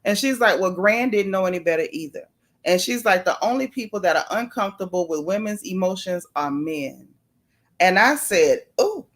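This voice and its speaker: A woman's voice: fairly low pitch, moderate pace, a bit bright. A woman hosting a casual livestream, chatting and greeting viewers by name with folksy asides. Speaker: YouTube livestream host.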